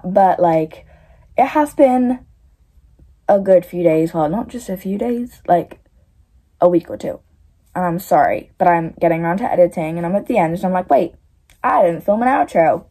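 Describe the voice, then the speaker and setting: A teenage girl chatting casually in a reading vlog, gushing and excitable, swearing now and then, tired late at night. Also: mid-range voice, husky, no room sound. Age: teens. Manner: gushing, excitable, swears, mixes soft asides with loud outbursts. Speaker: reading vlogger. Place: bedroom at home with a fan running.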